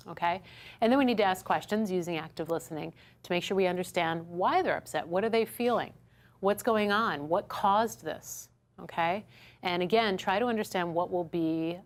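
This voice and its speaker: A woman instructor teaching a workshop lesson to a small audience. She acts out customer dialogues as she goes and keeps checking in with "right?". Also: fairly low pitch. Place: studio classroom with a small audience.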